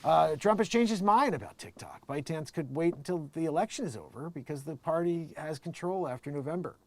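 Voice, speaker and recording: A man hosts his own show in a loose, rambling way, joking as he goes. His voice sits a touch high for a man. He drops to quiet mutters, then jumps to loud bursts. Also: lively intonation, fairly quick, dry recording. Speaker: show host. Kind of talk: casual live-stream commentary.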